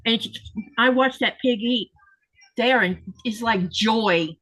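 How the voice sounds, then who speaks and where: Woman host, fairly high voice, chatty storyteller, casual live-stream sewing chat. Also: measured pace, fairly bright tone. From Florida. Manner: chatty storyteller, reads viewer comments aloud.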